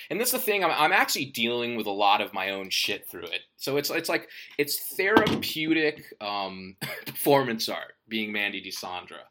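A man's voice: lowish voice, pushed and bright. A man, an author, talking about his writing in a casual monologue, swearing often and rambling enthusiastically. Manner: profane and rambling.

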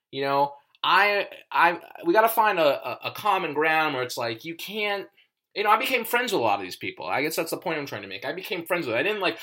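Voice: medium pitch, sing-song, fairly quick, a bit bright. A comedian ranting in a casual monologue, profane and emphatic, rambling with many restarts.

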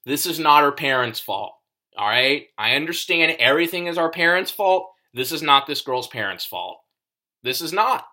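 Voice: mid-range voice, lively intonation, moderate pace, sharp tone. A comedian ranting in a casual monologue, profane and emphatic, rambling with many restarts.

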